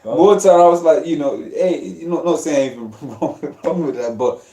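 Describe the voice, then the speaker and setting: A man with a slightly raised pitch and a mellow, darker tone. He chats loosely and jokingly in a group discussion, full of slang. His voice echoes in a roomy space. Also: normal speed. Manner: slangy, joking, says "bro" and "man" constantly. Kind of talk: casual religious group discussion. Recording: roomy echo.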